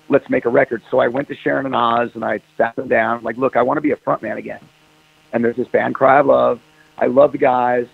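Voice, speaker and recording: A man's voice: medium pitch, vocal fry, breathy edge. A man, a rock singer, telling stories in a casual interview and acting out phone calls in quoted voices. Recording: dry tinny phone line.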